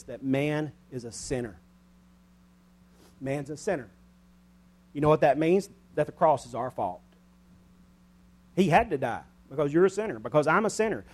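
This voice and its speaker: A man preaching a sermon, rising to loud, emphatic peaks and dropping to quiet, conversational asides, slowing to stress key phrases. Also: medium pitch, lively intonation.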